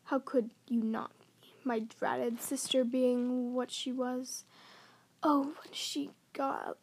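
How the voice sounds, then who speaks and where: A woman's voice: high voice, steady tone, slow pace, breathy edge, heavily acted. Shrieking, resentful aunt, voiced by a woman reader; ranting storybook figure. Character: bitter shrieking middle-aged aunt.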